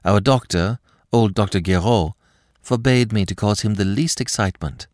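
A man's voice: lowish voice, moderate pace, no room sound, studio quality, close to an everyday voice. Man doing a frightened young French lady. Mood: fearful. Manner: anxious, breathless pleading. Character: frightened young French woman, about twenty.

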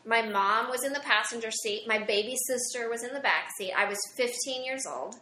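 Woman guest from Southern Illinois, bright higher voice, animated storyteller, echoey room. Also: fairly quick. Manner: animated storyteller, acts out quotes. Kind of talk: casual interview chat.

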